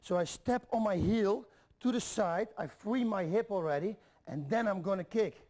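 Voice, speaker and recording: A man with a high speaking voice walks students through kicking drills. He coaches in a direct, repetitive way and counts each step as he demonstrates. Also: moderate pace, a little mellow. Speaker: MMA instructor. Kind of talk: instructional video demonstration.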